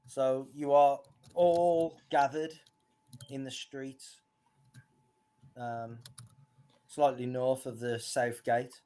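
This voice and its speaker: A game master running a tabletop role-playing game, setting scenes and ruling on checks in a relaxed way. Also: medium pitch, drawn-out words, pauses often.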